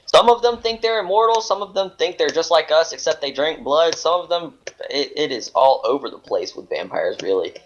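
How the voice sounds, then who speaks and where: A man's voice: a little high, animated, fairly quick, lo-fi sound, slight background noise. A man co-hosting a casual gaming show, rambling playfully and restarting his sentences. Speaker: podcast co-host. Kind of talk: casual banter about games.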